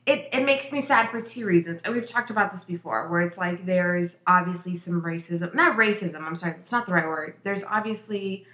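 A woman co-hosts a loose, unscripted conversation, and she speaks bluntly and emphatically with frequent profanity. Her voice sits at an ordinary pitch for a woman. The recording carries a noticeable echo from the room around her. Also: brisk, few pauses, sharp tone. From Mexico. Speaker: podcast co-host. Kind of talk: casual chat. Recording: echoey room.

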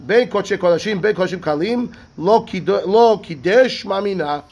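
A man, a rabbi teaching a Talmud class, reading text quickly and explaining it in rhetorical questions. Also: sits high. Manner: animated, reads Hebrew text fast then explains in English; asks rhetorical questions, acts out the rabbis' voices.

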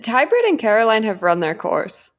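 A woman's voice: a little high, huge pitch swings, normal speed. A woman co-hosting a podcast, giving dry, matter-of-fact opinions. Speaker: podcast co-host. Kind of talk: casual TV recap chat.

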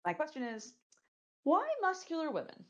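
A woman's voice: high voice, sing-song, moderate pace. Woman, podcast co-host, crude joking banter, dull lo-fi recording. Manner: crude, joking, laughs often. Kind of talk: casual chat. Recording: dull lo-fi audio.

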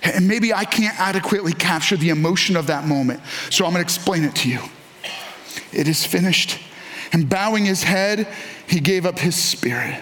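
An earnest male pastor preaching with a notably high-pitched voice. He drives his points home with emphasis, slowing down and repeating key lines for weight. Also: a bit bright. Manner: earnest, emphatic preaching with dramatic slowdowns and repetition. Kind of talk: sermon.

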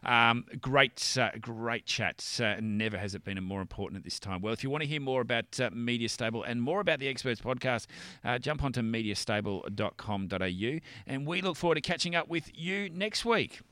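A man's voice: medium pitch, animated, brisk, hardly any pauses, bright, forceful tone, no room sound. A man hosting a casual podcast interview, chatty and joking, with frequent restarts. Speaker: podcast host.

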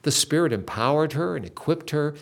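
An older man telling a faith story in an earnest, dramatic way, with lively shifts in emphasis. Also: fairly high pitch, a little fast, gravelly.

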